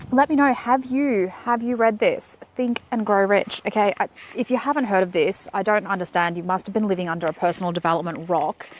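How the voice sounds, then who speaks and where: A woman's voice: medium pitch, fairly quick. Chatty Australian woman on a phone live stream. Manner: chatty and playful, walking while talking. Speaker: vlogger. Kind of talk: casual Facebook live chat. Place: outdoors in shade.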